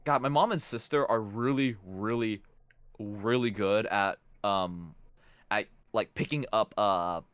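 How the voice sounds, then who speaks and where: A man's voice: on the low side, a little slow, smooth, no room sound. A young man as a podcast guest, telling stories with many restarts and some swearing. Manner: stammering restarts, swearing, animated storytelling. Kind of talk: casual podcast chat.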